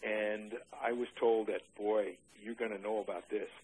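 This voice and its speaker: Older man, low voice, halting storyteller, dry humor, faint background hiss. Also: little pitch movement, a little mellow, rough recording. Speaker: interviewee. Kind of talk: oral history interview.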